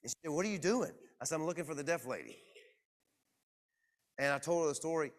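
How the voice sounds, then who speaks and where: A man preaching to his congregation, telling a personal story in a lively, self-mocking way. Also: a little high, fast talker. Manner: animated, self-deprecating storyteller. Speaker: pastor. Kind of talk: sermon storytelling. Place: church.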